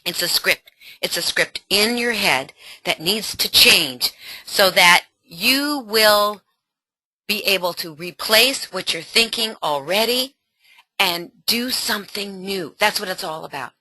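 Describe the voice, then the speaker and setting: A middle-aged woman coaches parents in a webinar, animated and encouraging. Her voice is very bright and swings widely in pitch. The recording is dry and close. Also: unhurried, no echo. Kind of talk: webinar teaching.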